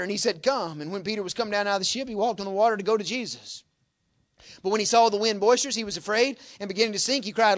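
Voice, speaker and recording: A man preaching a sermon in a folksy manner, reading scripture loudly and dropping to quiet asides. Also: high-pitched, brisk.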